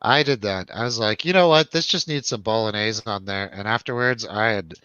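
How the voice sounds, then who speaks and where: A man's voice: on the low side, moderate pace, bright, forceful tone, smooth, no room sound. A man hosting a casual movie chat with friends, joking, swearing and steering the talk. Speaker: podcast host. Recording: dull lo-fi audio.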